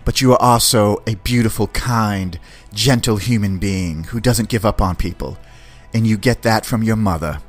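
A man putting on the voice of a gentle older male mentor, speaking slowly and tenderly. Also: lowish voice, faint music behind, close to an everyday voice.

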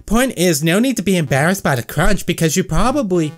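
Man doing a blunt woman coworker, high voice, clipped broken grammar, crude and matter-of-fact, game voice. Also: expressive, fairly quick.

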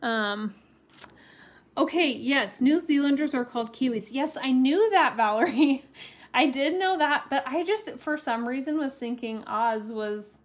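Slow-talking woman teaching watercolor. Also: high voice. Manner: chatty and encouraging, reads viewer comments aloud and laughs often. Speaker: watercolor stamping instructor. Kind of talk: live-streamed craft tutorial.

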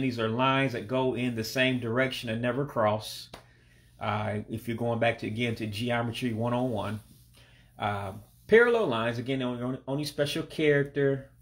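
An American man in his forties giving a casual spoken language lesson, with a relaxed and hesitant delivery that is full of fillers, repeating words slowly for practice. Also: medium pitch. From United States. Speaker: language learner teaching vocabulary.

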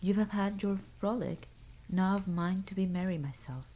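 Woman reader doing a plucky tiny boy, whispered role-play, mellow and soft. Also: mid-range voice, normal speed, lightly acted. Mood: cheeky.

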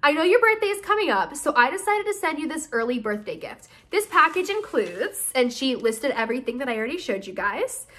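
A woman's voice: high voice, sing-song, brisk, hardly any pauses, a bit bright. A woman in her early twenties, chatting bubbly and gushing as she opens and reads fan mail aloud in a casual vlog. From United States. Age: early 20s. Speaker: YouTuber opening fan mail.

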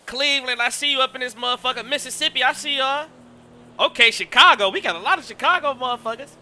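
A man streaming live, chatting casually and excitedly, shouting out his viewers in heavy slang. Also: very high voice, fast.

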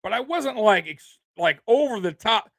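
Guy with a kinda high voice doing an angry cussing sports rant, says man and bro a lot, dead dry sound. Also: lively intonation, normal speed, a bit bright, no echo. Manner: profane, heated, repeats himself, ends lines with "man" and "bro". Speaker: sports show host.

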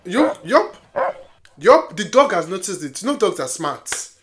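Excitable movie reaction vlogger, lively voice. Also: medium pitch, normal speed, noisy background. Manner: excitable, talks back to the screen, shouts warnings. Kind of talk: casual live reaction to a film. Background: film soundtrack music playing.

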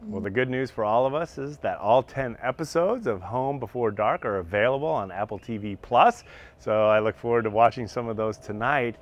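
A man's voice: medium pitch, moderate pace, muffled recording. A man hosting an interview, upbeat and enthusiastic toward his guests. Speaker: interview host.

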